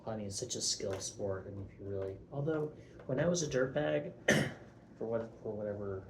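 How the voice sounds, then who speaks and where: A man's voice: fairly low pitch, moderate pace, darkish tone, a little hiss or hum, rough recording. A young man, very tired, talking through a rambling, self-mocking and profane casual vlog at home. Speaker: vlogger.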